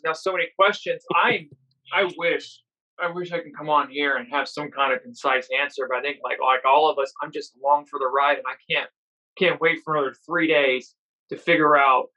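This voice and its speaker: A man's voice: fairly high pitch, sharp tone. A man co-hosting a podcast, chatting eagerly and in a rambling way about a TV episode, on a dull lo-fi mic. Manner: enthusiastic, rambling. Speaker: podcast co-host. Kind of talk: casual discussion of a TV episode.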